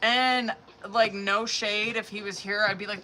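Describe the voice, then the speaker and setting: A woman's voice: mid-range voice, fairly even intonation, a little slow, sharp tone, slight background noise. A woman giving tarot readings on a live stream in casual, profane, chatty talk that is full of laughs. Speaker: tarot reader.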